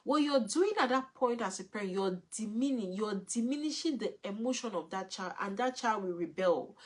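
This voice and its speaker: A woman teaches parents in a live talk. She speaks earnestly and repeats her points to drive them home, and her voice sits slightly higher than most. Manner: earnest, repetitive, instructive. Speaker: parenting coach.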